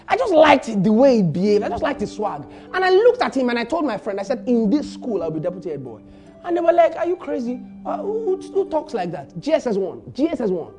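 A man with a Nigerian accent preaching a sermon as a pastor, building to shouted lines and repeating phrases for emphasis. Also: extremely high pitch.

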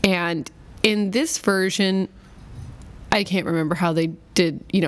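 A woman's voice: fairly low pitch, steady tone, measured pace. A woman co-hosting a podcast, chatting casually and with strong opinions about a movie, with many filler "like"s. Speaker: podcast co-host. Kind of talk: casual movie review chat.

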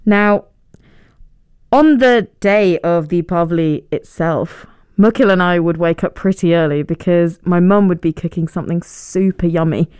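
A young woman talking in a relaxed, chatty storytelling voice, joking at her own expense and laughing easily. Her voice sits a little low and sounds smooth and resonant. The sound is close and dry. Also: moderate pace, dry recording. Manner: chatty and self-deprecating, laughs often. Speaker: podcast host. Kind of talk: casual storytelling monologue.

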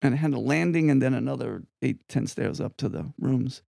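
An older man from Long Island, a guest musician telling rambling, animated stories with frequent asides in an interview. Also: mid-range voice, a little fast, creaky, no echo, clean studio sound. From Long Island, New York. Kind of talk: anecdotal storytelling in an interview.

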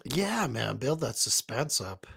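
A man's voice: mid-range voice, very animated, slow pace, gravelly, fairly bright tone, husky, no echo, studio quality. A man chatting casually while reacting to a movie, joking along with his cohost. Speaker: movie commentator.

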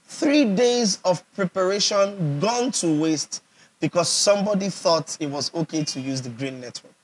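A man's voice: sits high, expressive, measured pace, slight background noise. A Nigerian pastor preaching a sermon, emphatic and repetitive, often checking whether his audience understands. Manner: emphatic, repeats phrases for effect, asks the audience questions.

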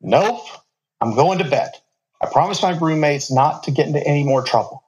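A man's voice: on the high side, expressive, moderate pace, darkish tone, lightly acted, rough recording. A man voicing a tough, hard-drinking young woman student who answers curtly and snaps at people. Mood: snappish. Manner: curt, snappish.

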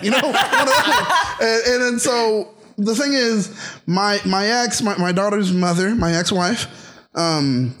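A man of Haitian background co-hosts a dating podcast in a casual storytelling style. His voice sits fairly high, and he talks in an animated way, laughing and darting into quick asides. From Haitian family.

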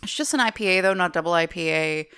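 A woman with a smooth, clear voice co-hosting a relaxed drinks podcast. She talks with upbeat, chatty enthusiasm as she reviews a beer. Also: lowish voice, fast talker. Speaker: podcast co-host. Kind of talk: casual chat.

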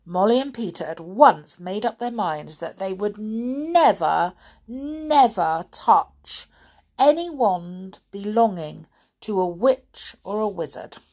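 A woman reading a children's storybook aloud, in a gentle, expressive read-aloud tone. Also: medium pitch, slow.

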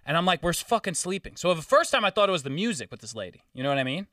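A man's voice: on the high side, rapid-fire, no echo, studio quality, far from the mic. A man telling a story in casual chat, swearing freely and acting out the quotes. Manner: profane, animated storytelling with acted-out quotes.

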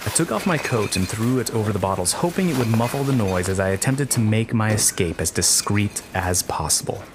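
A man's voice: on the low side, animated, fairly quick, noisy background. A middle-aged man narrating a comic, self-mocking first-person story.

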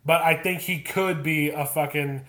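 Male co-host, slightly high voice, jokey and profane, phone-recorded chat. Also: steady tone, moderate pace, fairly bright tone, roomy sound. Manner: joking, profane, riffing. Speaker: podcast co-host. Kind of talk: casual chat. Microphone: phone app.

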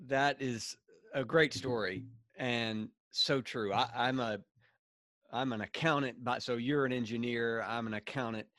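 A man's voice: mid-range voice, unhurried, pushed and bright, no room sound. A man hosting an interview, an accountant, reacting and reflecting in casual chat. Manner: brief, affirming responses.

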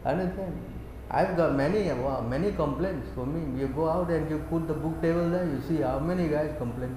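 A man's voice: fairly high pitch, brisk, background noise. A man giving a scripture class as a spiritual teacher. He speaks emphatically and keeps quizzing his listeners. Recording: very echoey room.

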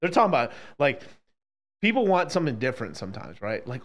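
Animated, profane man ranting. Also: very fast. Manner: animated, profane, swings between loud and low. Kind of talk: casual profane rant.

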